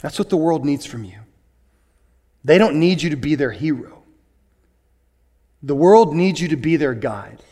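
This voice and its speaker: A pastor preaching a sermon in an animated way, moving from hushed asides to excited bursts. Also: male voice, a little high, measured pace, pauses often.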